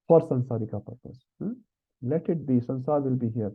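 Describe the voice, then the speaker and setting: A man's voice: medium pitch, fairly quick, husky. A man teaching an online scripture class, chatty and asking little tag questions. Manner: conversational, frequent tag questions. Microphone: video call. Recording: tinny phone-like call audio.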